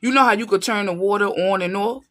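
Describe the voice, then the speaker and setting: A woman with a clear, bright voice gives an informal tarot reading straight to her audience. She talks in an emphatic, streetwise way and keeps checking that her listeners are with her. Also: mid-range voice, fast. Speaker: tarot reader. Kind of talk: casual tarot reading monologue to viewers.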